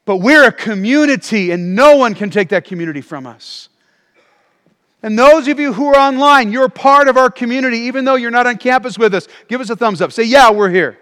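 A man preaching a sermon as pastor, animated and calling for responses from the congregation. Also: very high-pitched, brisk, in a large hall. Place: church auditorium.

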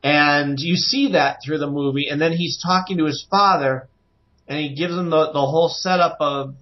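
Animated man in casual podcast chat. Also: fairly high pitch, moderate pace, highs cut off. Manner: animated, acts out quotes in changing voices. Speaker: podcast co-host.

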